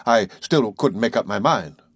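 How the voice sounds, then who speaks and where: A man narrating an adventure audiobook in a steady, even reading voice. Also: lowish voice, a little slow, breathy edge, no room sound, clean studio sound.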